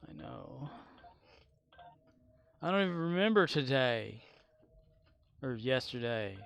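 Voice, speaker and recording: A man's voice: medium pitch, animated, takes it slowly, creaky, fairly bright tone, clean tone. Young male streamer, casual chat, rambling jokes, crude asides. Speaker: livestreamer. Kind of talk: casual livestream chat while gaming.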